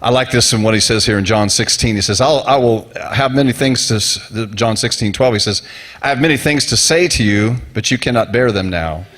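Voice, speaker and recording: A middle-aged male pastor from the United States delivers a sermon through a rambling personal story. He talks in a loose, conversational way and briefly acts out the voices of the people he quotes. His voice sits at an ordinary middle pitch for a man. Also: brisk, fairly bright tone.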